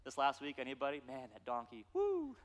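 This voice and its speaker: Pastor in his 30s, preaching with a fairly high, lively voice; long church-hall reverb. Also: normal speed. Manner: animated storytelling with playful asides. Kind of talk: sermon.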